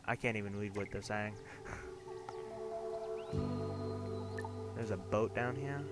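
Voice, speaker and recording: A man's voice: fairly low pitch, steady tone, slow. Guy reading as a curious teen girl, mild and wondering, game music.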